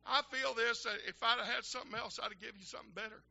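An older man, a minister telling folksy stories in a sermon that build to shouting fervor. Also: very high-pitched, fairly even intonation, racing, gravelly, muffled recording. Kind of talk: storytelling sermon.

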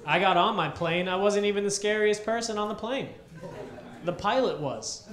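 A male stand-up comedian with a high-pitched voice performs a set on a comedy club stage, speaking at normal speed. He tells stories animatedly and acts out characters, and the echoey club room carries audience laughter.

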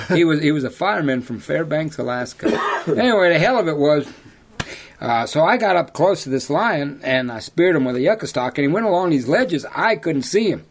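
A man's voice: on the high side, lively intonation, normal speed. A man who works as a hunting guide, telling rambling yarns in an interview, often saying "you know" and laughing at his own stories. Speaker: lion hunter and outfitter guest. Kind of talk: storytelling in an interview.

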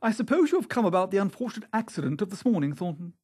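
A man doing a high, husky young gentleman. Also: big pitch swings, racing, full character voice. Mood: languid. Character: young gentleman, languid then alarmed.

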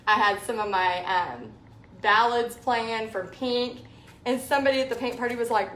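A woman with a Texan drawl chats her way through a painting lesson, rambling as her brush works. Her voice sits a little high. The room gives it a noticeable echo. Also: moderate pace, slight background noise. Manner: chatty and rambling, talking while painting. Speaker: painting instructor. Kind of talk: live painting tutorial chat. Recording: echoey room.

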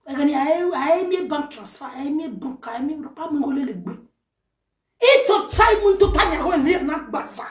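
A woman with a Nigerian accent delivering a heated, animated message to camera, mixing pidgin with a local language. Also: high voice. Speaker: social media personality. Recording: roomy echo.

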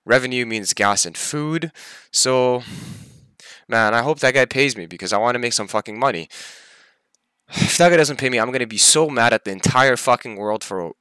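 A man's voice: medium pitch, moderate pace, bright, forceful tone, clear, resonant tone, no room sound. A young man venting his stress and anger in a daily vlog, swearing often and sounding tired. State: tired, half asleep. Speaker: vlogger.

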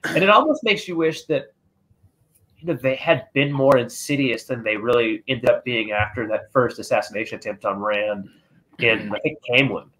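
A man's voice: mid-range voice, moderate pace, a bit bright. A man hosting a podcast in casual chat, rambling and swearing as he loses his train of thought. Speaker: podcast host.

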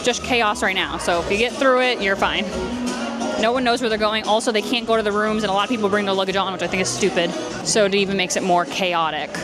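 A woman's voice: medium pitch, fairly even intonation, fast talker, music in the background. A woman vlogging on a cruise trip, chatty and hyper, giving travel tips. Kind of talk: casual vlog narration. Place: outdoors and on a busy cruise ship. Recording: noisy background ambience.

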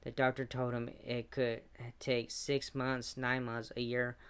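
A man recapping a wrestling show as its reviewer, retelling the action with fillers and quick asides. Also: medium pitch, level tone, fairly bright tone, clear, resonant tone.

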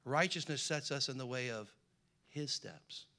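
A man's voice: mid-range voice, a little slow, pushed and bright. A man preaching a sermon, reading scripture aloud with rising emphasis and slipping in folksy jokes to the congregation. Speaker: pastor.

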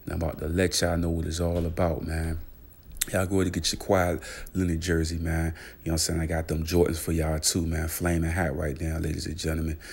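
A man with a very deep, gravelly voice hosts a casual celebrity news vlog. His pitch stays low and flat as he piles on fillers, shout-outs and hype for his viewers. His delivery repeats itself and runs loose and conversational. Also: fast. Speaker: channel host.

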